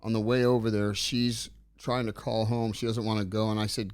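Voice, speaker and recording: A middle-aged man telling stories in a casual interview, rambling and animated as he acts out the dialogue. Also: fairly low pitch, fairly quick, hardly any pauses, dry recording. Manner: rambling, animated storyteller acting out quoted dialogue. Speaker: interview guest.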